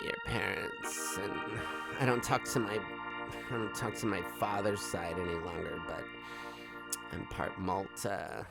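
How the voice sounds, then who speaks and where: A man doing a soft, airy, vain celebrity woman. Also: on the low side, vocal fry, voice pushed down. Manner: soft, airy and self-absorbed, full of "oh my God" and "like". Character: mocking impression of a vain, scatterbrained celebrity woman.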